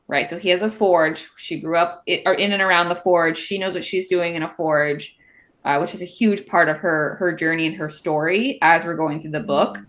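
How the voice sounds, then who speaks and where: A woman's voice: on the low side, steady tone, normal speed, a bit bright. A young woman co-hosting a book podcast, chatting casually and animatedly, acting out characters' lines as she recaps. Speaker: podcast co-host.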